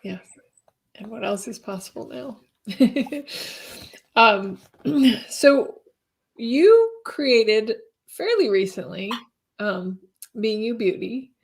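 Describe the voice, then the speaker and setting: A woman hosting an interview over a video call, gentle and inviting, easily moved and laughing often. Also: fairly high pitch, animated, drawn-out words, creaky, long pauses. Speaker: podcast host. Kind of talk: warm-hearted interview chat.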